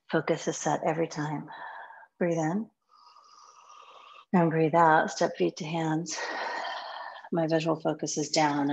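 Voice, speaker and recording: Calm slow-cueing yoga teacher woman. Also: deep voice, muffled recording. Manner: calm, sparse one-word cues, some soft whispered counts. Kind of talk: guided yoga class cues.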